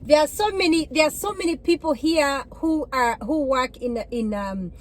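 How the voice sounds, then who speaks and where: A woman from Africa chatting casually to her viewers while driving, telling stories in an animated way and laughing often. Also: sits high, normal speed, low-quality recording. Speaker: vlogger. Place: inside a car, driving. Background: faint road and car noise.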